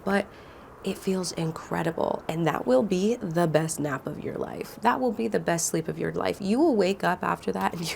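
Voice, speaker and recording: Gravelly-voiced woman in her thirties. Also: fairly low pitch, darkish tone, a little hiss or hum. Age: 30s. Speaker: wellness guide. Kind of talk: casual guided teaching.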